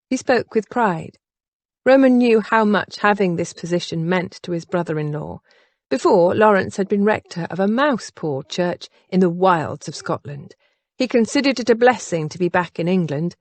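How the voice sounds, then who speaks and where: A woman narrating an audiobook in an expressive, varied way. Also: fairly low pitch, no room sound. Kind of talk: scripted narration.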